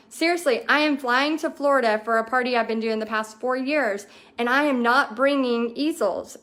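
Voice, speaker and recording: A woman in her thirties hosts a livestream in a fairly high voice. She reads out viewer comments and answers them in a bubbly, enthusiastic, chatty way, with plenty of ums along the way. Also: a bit bright. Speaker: host of a paint party business livestream.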